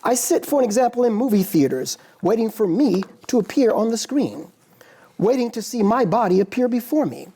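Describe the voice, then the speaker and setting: A man, a philosophy professor, giving a formal lecture in a measured, deliberate way with dramatic pauses. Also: sits high, animated, dark tone, breathy edge. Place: lecture hall.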